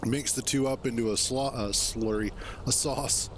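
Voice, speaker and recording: A man streaming a game, chatting in a relaxed, rambling way and chuckling to himself as he plays. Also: medium pitch, normal speed, slight background noise. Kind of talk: casual gameplay commentary.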